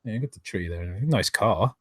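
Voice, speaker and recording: A man's voice: fairly low pitch, lively intonation, normal speed, fairly bright tone, husky, no room sound. A man reading aloud and commenting on a live stream, exasperated, sarcastic and swearing often, who stops now and then to thank viewers for donations.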